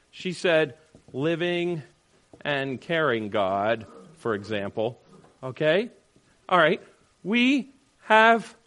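A man leading a Bible study group, teaching in an animated, questioning way and acting out quotes. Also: high-pitched.

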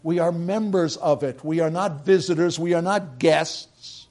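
Brief: middle-aged man, pastor, fairly high voice, punchy sermon delivery with repeated phrases and hushed asides. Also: fairly even intonation, unhurried. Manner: emphatic, swinging between loud bursts and quiet asides; repeats phrases for stress, quotes scripture and hymns.

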